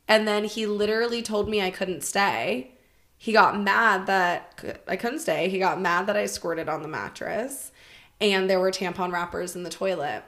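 A woman with a bright, forward voice, talking as a podcast guest in a loose, candid chat. She tells her story in an animated way, peppering it with "like" and casual swearing. Her pitch sits mid-range. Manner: animated, frequent "like" fillers and swearing.

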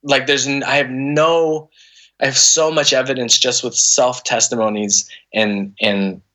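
A man's voice: mid-range voice, fairly even intonation, a little slow, bright, forceful tone. A man in his thirties, a podcast guest, telling an emotional personal story in a candid, conversational way, earnest and full of restarts and fillers.

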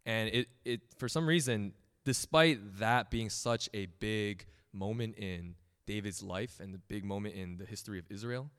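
A young man giving a casual sermon as pastor, telling personal stories, often laughing and acting out the voices of others. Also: on the low side. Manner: animated, laughs often, acts out quoted voices. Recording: long hall reverb.

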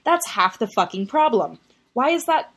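A woman voices a frustrated, pleading young man in an audiobook story, pitching above her natural voice into a fairly high, bright register. She performs at normal speed, very animated, heavily acted and exasperated.

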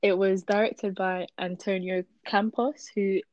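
A woman's voice: medium pitch, little pitch movement, a little slow, darkish tone, no room sound, dull audio. A woman hosting a casual movie review podcast, upbeat and giggly, leading each segment. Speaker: podcast host.

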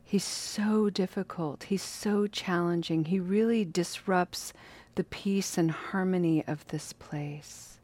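A woman's voice: lowish voice, slow, darkish tone. A woman voicing a fed-up male monastery advisor who complains and pleads with his leader. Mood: pleading.

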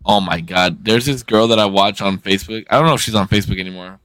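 Bright-voiced excitable slangy man. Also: lowish voice, quick pace, smooth, no echo. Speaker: podcast co-host. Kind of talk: casual chat.

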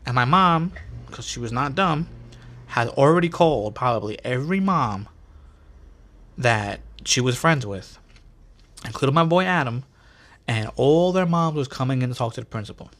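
A man hosting a podcast, telling stories in a casual, animated and profane way full of slang. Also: mid-range voice, normal speed, pauses often. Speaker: podcast host. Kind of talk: casual storytelling.

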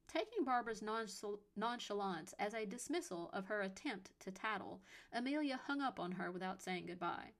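Woman narrator, measured storytelling read, audiobook style. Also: mid-range voice.

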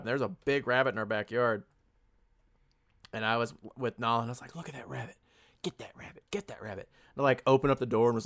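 A man co-hosting a movie review podcast, telling stories in a loose, animated way with loud outbursts. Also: medium pitch, no room sound, clean studio sound. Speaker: podcast co-host. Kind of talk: casual movie review chat.

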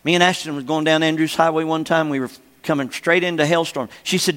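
A man's voice: a little high, steady tone, quick pace, hardly any pauses, a bit bright. An older man preaching a sermon, emphatic and repeating phrases, often asking the congregation for an amen. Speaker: pastor. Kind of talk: sermon teaching. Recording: long hall reverb.

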